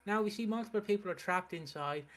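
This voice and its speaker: Brief: young male host, bright, slightly high voice, rambling plot recap. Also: fast. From United Kingdom. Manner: recaps the plot with many fillers and restarts. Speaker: soap opera reaction host. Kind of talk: casual recap chat.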